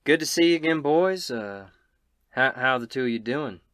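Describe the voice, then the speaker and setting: A man's voice: mid-range voice, animated, moderate pace, fairly bright tone, dry recording, clean studio sound, voice pushed up, lightly acted. A man voicing a tough, no-nonsense female sheriff in a tabletop game, speaking in a blunt, drawling, commanding way. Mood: gruff.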